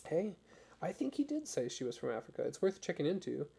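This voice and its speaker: A man voicing a cheerful young American missionary who talks in a brisk, friendly, helpful way. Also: a little high, huge pitch swings, creaky, mellow, slightly rough, voice pushed up, exaggerated voice. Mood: eager.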